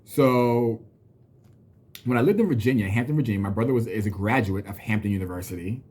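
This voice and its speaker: Male, 30s, husky voice; blunt, profane storyteller venting on a vlog. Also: fairly low pitch, lively intonation, brisk, a little mellow. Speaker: vlogger. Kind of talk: casual storytelling rant to camera.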